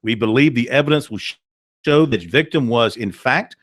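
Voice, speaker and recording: A man's voice: medium pitch, fairly quick, no echo. Guy hosting sports talk radio, reads the news stories, ums and uhs, dead dry mic. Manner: reads out news items and quotes, with fillers.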